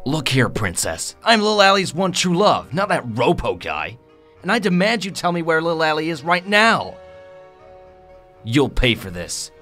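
A man's voice: medium pitch, big pitch swings, fairly quick, hardly any pauses, soft background music, close to an everyday voice. A man playing Jake, a pushy stalker ex. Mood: menacing. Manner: pushy and demanding, turns threatening. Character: obsessive menacing young male stalker ex-boyfriend. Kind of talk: Minecraft roleplay voice acting.

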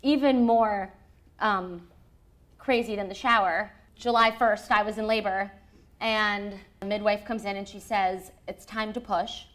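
A woman in her thirties, a guest telling a personal story in a lively, animated way, often laughing. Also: medium pitch, measured pace. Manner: lively, acts out quoted voices, laughs often.

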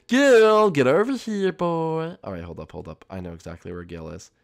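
Man doing a boastful koopa prince, Minecraft role-play, taunting, excitable, very swooping pitch. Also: normal speed, gravelly. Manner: taunting, excitable, shouts out countdowns. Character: boastful young koopa prince, playful bully.

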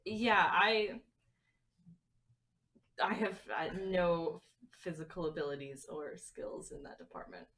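A woman's voice: on the low side, slow, long pauses, fairly bright tone. A woman playing in a tabletop game who speaks hesitantly and thinks aloud. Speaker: player. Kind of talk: casual tabletop play. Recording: voice away from the mic.

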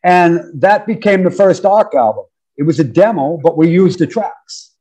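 Male guest in his 50s from New York; high-ish, mellow voice, loose anecdotal delivery. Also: moderate pace, slightly rough, rough recording. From New York, USA. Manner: animated, laughing, slangy. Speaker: drummer, interview guest. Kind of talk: casual storytelling interview.

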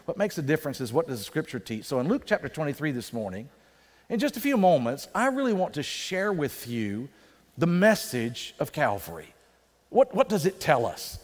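A male pastor preaching a sermon in a conversational way, slowing down for emphasis. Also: a little high, big pitch swings. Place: church sanctuary. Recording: reverberant church sanctuary.

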